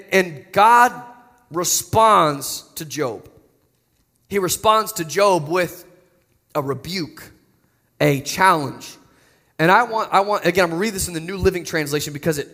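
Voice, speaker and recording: Bright and forceful, this man's high-sitting voice rings out with a long reverb tail as he preaches. He's a pastor delivering an earnest, conversational sermon, frequently repeating words along the way.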